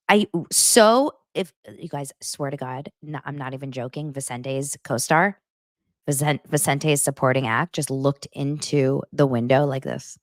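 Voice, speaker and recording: A woman's voice: very deep voice, a little slow, dry recording, clean studio sound. A woman hosting a podcast, recapping a reality show in casual commentary and acting out the cast's lines in mocking voices. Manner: animated, acts out quotes in mocking voices. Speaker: podcast host.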